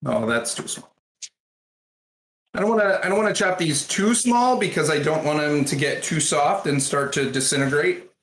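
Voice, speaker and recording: Cooking at home on stream, this speaker has a mid-range, fairly bright voice with lively intonation and a moderate pace. The chatter is sarcastic, wandering and filler-heavy, recorded in a roomy kitchen with some faint background noise.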